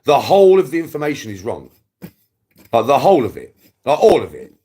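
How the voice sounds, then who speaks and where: A man from the West Midlands of England vlogs a casual, mocking rant, repeating taunts and laughing between them. His voice is mid-range, warm, and husky, very animated, and fairly quick.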